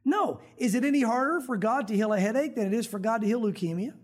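A man's voice: extremely high pitch, lively intonation, quick pace. A male pastor preaching a conversational sermon, talking straight to the congregation and acting out prayers in dramatic voices.

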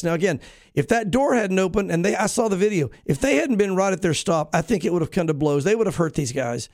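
A man's voice: sits high, expressive, fast talker, darkish tone, no room sound, studio quality. A pastor hosting a talk show, a man reading news and then commenting in an emphatic, preachy way with frequent restarts.

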